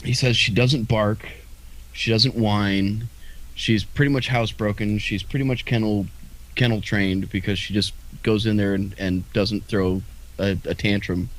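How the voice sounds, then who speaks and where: Lower-voiced man musing casually. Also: steady tone, measured pace, poor audio. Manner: rambling, hesitant, restarts often with fillers and occasional swearing. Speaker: podcast co-host. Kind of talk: casual chat.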